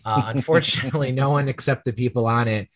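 A fast-talking podcast host with a medium-pitched voice tells stories casually and in a rambling way, often correcting himself as he goes. There's no echo.

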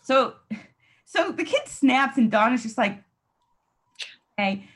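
A woman with a husky, breathy voice hosts a casual podcast chat. She talks loosely, laughs easily and slips into little acted quotes as she recaps scenes. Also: sits high, sing-song, a little slow, a bit bright. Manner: chatty, laughs often, acts out quoted lines. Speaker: podcast host.

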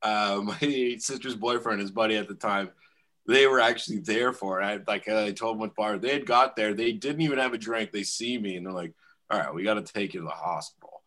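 A man's voice: on the low side, a little fast, sharp tone. A man in his thirties telling a profane story in a casual chat, laughing often. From Canada.

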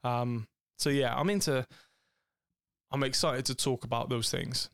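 A man co-hosting a casual podcast with his partner, telling jokey, rambling stories. His voice is gravelly with a fry at the ends of phrases. It sits at a middle pitch and is recorded close and dry, with no room sound. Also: measured pace, fairly bright tone, no echo. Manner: joking, rambling storyteller. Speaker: podcast co-host. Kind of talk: casual couple's chat.

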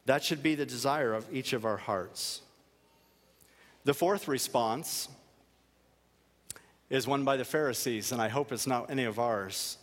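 A man's voice: mid-range voice, measured pace, long pauses, a bit bright, big-room sound. A male pastor delivering a sermon in an earnest, emphatic way, repeating key phrases for weight.

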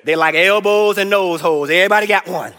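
A man's voice: sits high, fast, sharp tone, voice pushed down. A man voicing a patient male teacher who answers with a dry joke, in an echoey hall.

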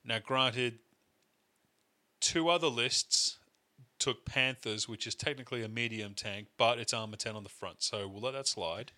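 Casting: young male podcast host, very bright forward voice, loose rambling banter. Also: medium pitch, a little slow. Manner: rambling, laughs often, swears casually. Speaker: podcast co-host and event organiser. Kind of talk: casual chat.

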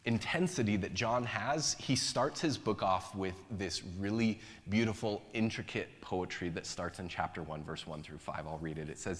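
A man's voice: sits low, normal speed, few pauses. Chatty male pastor in a hall. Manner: conversational, joking asides. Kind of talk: sermon.

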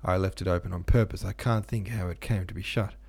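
A man voicing a reserved young man who answers curtly and coldly, in a low gravelly voice. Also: fairly even intonation, brisk, darkish tone. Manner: curt, restrained.

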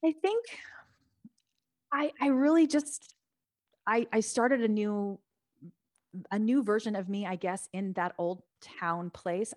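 A woman guest on a podcast, telling her own story in a chatty, animated way and sometimes acting out other people's voices. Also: mid-range voice, no echo, clean studio sound. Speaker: podcast guest, author and Bible teacher. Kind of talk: casual storytelling.

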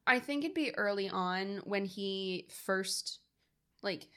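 A woman co-hosting a podcast, chatting casually about a horror film in a relaxed, talkative way. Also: mid-range voice, slow. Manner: relaxed, chatty, frequent "like" and laughs. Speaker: podcast co-host. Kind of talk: casual movie review chat.

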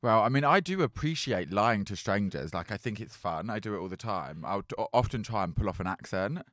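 Lively low-voiced man, dry close mic. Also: no room sound. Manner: chatty, lots of fillers, quick laughs. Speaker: podcast co-host. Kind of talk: casual chat.

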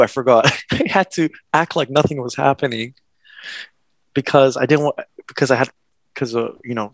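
A young male guest shares a personal story in casual conversation, rambling loosely, restarting his sentences, and letting out nervous laughs. His mid-range voice carries a gravelly edge. The recording is dry and close, with no sense of the room.

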